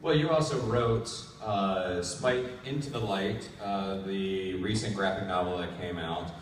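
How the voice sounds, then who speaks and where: A man's voice: low voice, measured pace. A man moderating a convention panel, wry and teasing as he asks questions. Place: large convention hall. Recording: echoey hall, distant mic, crowd noise.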